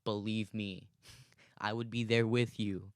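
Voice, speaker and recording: A young man in his twenties with a lowish voice talks alone into the mic in a loose, rambling way, swearing freely and laughing at himself. The recording is close and dry, with almost no room sound. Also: flat delivery, slow pace, no echo. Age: 20s. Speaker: podcast host. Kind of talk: casual solo monologue.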